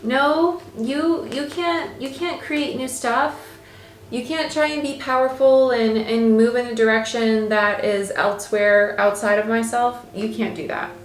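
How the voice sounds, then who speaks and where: A woman tarot reader voicing a haughty, indignant queen who scolds in a shrill, incredulous way. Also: steady tone, measured pace, reverberant, soft background music, natural voice.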